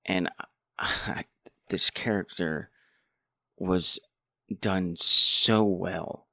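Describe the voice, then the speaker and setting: Guy rambling thru a movie review, slow and gravelly, dry sound. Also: sits low, fairly even intonation, pushed and bright, dry recording. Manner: rambling, many restarts. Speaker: movie commentator.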